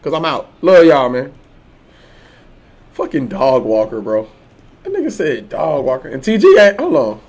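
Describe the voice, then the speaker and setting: A man's voice: medium pitch, very animated, a little slow, long pauses, a little mellow. A man live-streaming a video game, talking loosely in slang and trash-talking other players. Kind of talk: casual live-stream chat.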